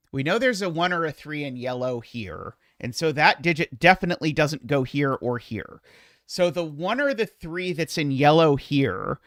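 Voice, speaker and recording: A man streaming a puzzle solve, thinking aloud in a hesitant, muttering way with many filler pauses. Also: mid-range voice, a bit bright, no room sound, studio quality.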